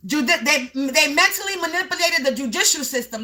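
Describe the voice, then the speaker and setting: A woman giving a spiritual energy reading to her viewers, talking in a repetitive, emphatic way, at times yelling. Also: high voice, animated, a little fast. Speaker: spiritual reader. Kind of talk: live tarot-style energy reading.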